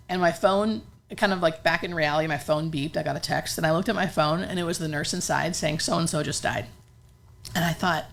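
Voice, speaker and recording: Woman nurse talking fast, kinda gravelly, lots of "like", emotional story. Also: sits low, fairly bright tone, a little hiss or hum. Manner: emotional, earnest, frequent fillers. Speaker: hospice nurse. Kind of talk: personal storytelling in conversation.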